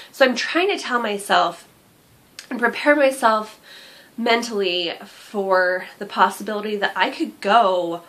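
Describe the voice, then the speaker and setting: A woman's voice: medium pitch, pushed and bright. A heavily pregnant woman chatting candidly in a casual vlog, with lots of fillers like "um" and "like.". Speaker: vlogger.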